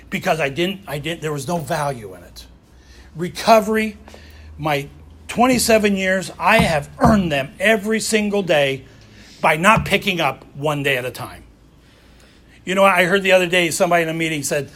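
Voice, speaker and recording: A man's voice: sits high, a bit bright. A middle-aged man with a Southern US accent giving a raw, blunt personal talk about recovery, swearing freely. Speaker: recovery speaker.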